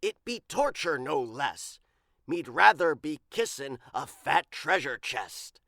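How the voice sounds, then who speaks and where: Woman putting on a gruff male pirate captain, blustery, loud, slow storybook reading. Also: low-pitched, very animated, no echo, clean studio sound, heavily acted. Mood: grumbling. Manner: growling pirate talk, blustery.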